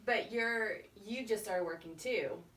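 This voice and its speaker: A woman's voice: mid-range voice, measured pace, fairly bright tone. A woman co-host in casual chat, chiming in with short remarks and questions. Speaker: podcast co-host. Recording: echoey room, distant mic, faint noise.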